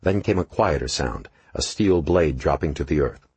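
Deep-voiced, husky male narrator. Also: animated, normal speed, a little mellow, no echo. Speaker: audiobook narrator. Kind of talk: scripted narration.

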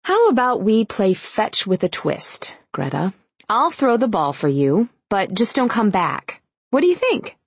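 Narrator doing a sharp-tongued young woman for an audiobook, sarcastic retorts, husky grain. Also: medium pitch, big pitch swings, no room sound, pitched above the performer's own voice. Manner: sarcastic, quick-witted.

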